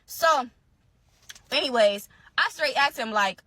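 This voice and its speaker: High, bright young woman telling a story. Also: slow, no room sound. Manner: animated, emphatic, repeats phrases. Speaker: storyteller in a social media clip. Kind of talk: casual storytelling to followers.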